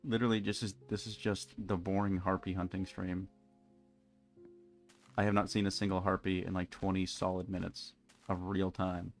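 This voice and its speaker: A young man chats on a game live stream in a deep, gravelly voice. He rambles wryly and keeps restarting his sentences. Soft music plays in the background. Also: little pitch movement, moderate pace. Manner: rambling, wry, frequent restarts. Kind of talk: casual live-stream chat. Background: faint music.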